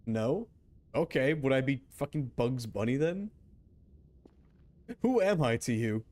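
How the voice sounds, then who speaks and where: Man, game streamer, joking casual commentary, animated pitch, average pitch. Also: measured pace. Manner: rambling, joking banter with chat.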